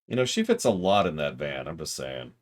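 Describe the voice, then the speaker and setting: A man's voice: very deep voice, very animated, a little fast. A man streaming a game, chatting in rambling asides about what he plays. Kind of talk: casual game commentary.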